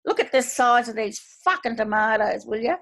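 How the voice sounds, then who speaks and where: A woman's voice: on the high side, animated, moderate pace, gravelly, fairly bright tone, exaggerated voice. An Australian woman voicing a blunt older wife who puts on a sweet voice, then swears and complains in her broad talk. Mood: indignant.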